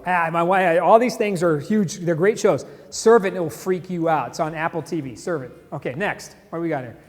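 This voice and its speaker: Chatty man with a high voice. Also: normal speed, long reverb tail. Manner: chatty, jokey, laughs at memes. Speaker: host. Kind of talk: casual live-stream commentary. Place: San Antonio, Texas.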